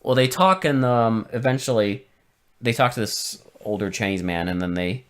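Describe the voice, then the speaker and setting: A man co-hosting a podcast in casual chat, animated and finishing his co-host's sentences. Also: mid-range voice, normal speed. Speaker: podcast co-host.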